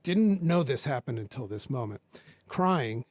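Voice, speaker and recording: A man's voice: medium pitch, animated, measured pace, darkish tone, no echo. A man, a podcast guest, earnestly recounting a personal story and repeating key points for emphasis.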